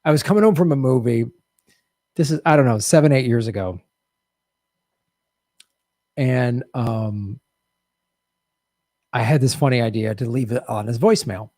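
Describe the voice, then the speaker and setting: Male podcast host, chatty storytelling, mid-pitched voice, dry close sound. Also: moderate pace, long pauses, dry recording. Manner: animated storytelling. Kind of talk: casual chat, reading viewer comments.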